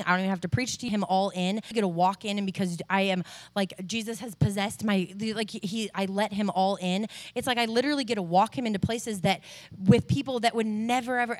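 A young woman, a nurse, tells a faith story to a congregation. She talks in a chatty, animated way, with many "like"s, and her voice rises as she grows passionate. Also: fairly high pitch. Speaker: nurse giving a testimony. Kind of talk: testimony sermon to a church audience.

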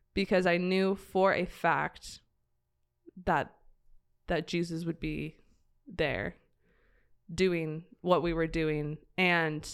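Woman, earnest testimony, heartfelt, smooth clear voice, lowish pitch, halting restarts. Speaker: guest sharing a mission trip story. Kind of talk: reflective personal testimony in conversation.

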